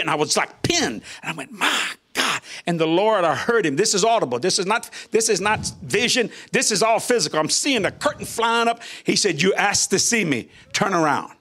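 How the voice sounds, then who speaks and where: An older man tells his testimony in a high, lively voice that climbs and drops. He talks casually and laughs often, and he acts out the quotes with sudden leaps in pitch. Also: husky. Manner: animated, laughing, colloquial, voices quotes with big pitch jumps. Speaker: guest minister. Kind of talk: testimony storytelling.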